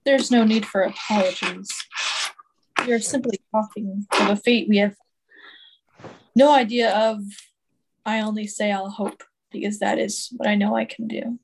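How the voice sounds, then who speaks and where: Earnest woman, flat delivery, faint hiss. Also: mid-range voice, moderate pace, vocal fry, long pauses, rough recording. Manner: earnest, steady conviction. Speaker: player. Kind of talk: in-character roleplay.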